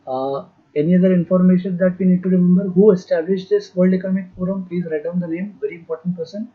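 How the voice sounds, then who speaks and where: Male teacher, fairly high and husky voice, dictating exam notes slowly, lo-fi recording. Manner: repeats terms slowly for students to write down; frequent "uh" fillers. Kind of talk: dictation-style lecture.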